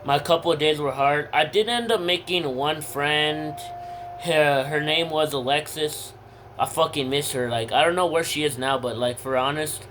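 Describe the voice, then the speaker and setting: A teenage vlogger tells the camera a personal story, rambling through plenty of fillers and swearing bluntly. His voice is a little high and a bit bright, at normal speed, with slight background noise.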